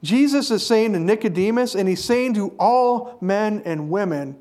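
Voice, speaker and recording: A man's voice: high-pitched, lively intonation, normal speed, a little mellow. A man preaching a sermon, earnest and emphatic, stressing key phrases with repetition.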